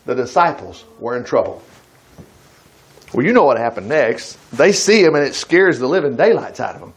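A man's voice: medium pitch, normal speed. A man preaching a sermon, reading scripture and stopping to comment in a folksy, conversational way to his congregation. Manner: animated, breaks into acted quotes.

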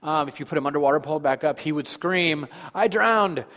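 A man in his thirties preaching a sermon as pastor, moving between loud emphasis and soft, hushed lines. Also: on the high side, steady tone, fast. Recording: long hall reverb.

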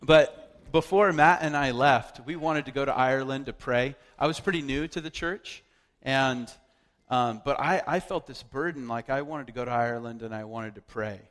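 A man's voice: medium pitch, normal speed, fairly bright tone. A man telling a personal story as a sermon, chatty, with lots of fillers and restarts. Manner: conversational, loose with fillers and restarts. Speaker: preacher. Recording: long hall reverb.

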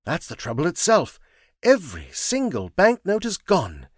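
Man reading anxious bank manager, earnest, agitated, very lively pitch, dry sound. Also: normal speed, dry recording. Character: anxious middle-aged male bank manager. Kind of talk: audiobook character reading.

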